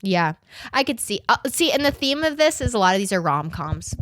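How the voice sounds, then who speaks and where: A woman's voice: mid-range voice, dry recording, studio quality. A woman in her twenties hosting a podcast, chatting casually, swearing and laughing, and stumbling as she reads aloud. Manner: animated, swearing, laughing often, reading aloud haltingly. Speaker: podcast host. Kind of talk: casual chat.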